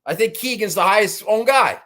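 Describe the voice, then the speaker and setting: High-voiced profane golf-picks man. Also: expressive, a little fast, pushed and bright. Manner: profane, rambling, self-mocking. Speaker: golf betting podcast host. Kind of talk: casual chat.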